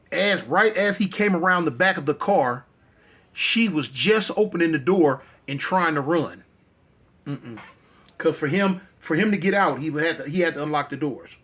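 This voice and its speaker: Husky guy storytelling, kinda high voice, repeats himself, slows down for drama. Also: lively intonation, fairly bright tone. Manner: repetitive, conversational, dramatic slowdowns.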